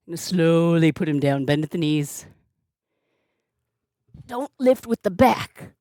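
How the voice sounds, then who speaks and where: A woman's voice: sits low, animated, a little slow, pauses often, warm tone, no echo. A woman streaming live, chatting playfully and gushing thanks to her viewers. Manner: bubbly, gushing thanks to chat; playful, baby-talks her cat. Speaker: streamer and balloon artist. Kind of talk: casual live-stream chat.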